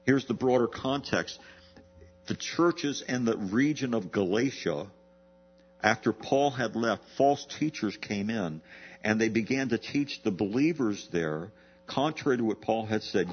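A man preaching a verse-by-verse sermon in a low, husky voice. He poses rhetorical questions and slows down to stress his key words. The recording sounds dull and lo-fi. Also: lively intonation. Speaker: pastor. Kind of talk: expository sermon.

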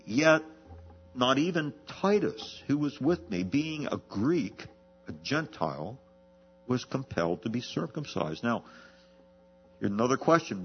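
A pastor preaching an expository sermon, asking rhetorical questions and slowing down to stress key words. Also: male voice, lowish voice, muffled recording.

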